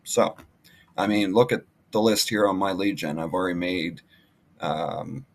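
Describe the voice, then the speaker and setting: A man with a low voice talks casually about his emails. He rambles and stops often to restart his sentences with fillers. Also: a little slow. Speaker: online marketing vlogger. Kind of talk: casual screen-share walkthrough.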